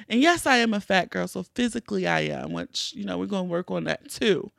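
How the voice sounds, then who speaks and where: A woman hosting a podcast, telling a personal story in a candid, animated way with plenty of swearing. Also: lowish voice, brisk, creaky, few pauses, no echo, studio quality. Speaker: podcast host. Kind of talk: casual storytelling.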